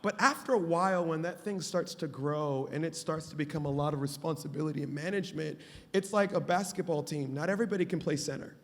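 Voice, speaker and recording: A male pastor with a slightly high voice talks fast on a live conference panel, using an emphatic, preaching cadence. The stage sits in a large hall, so the audio carries long reverb before the audience.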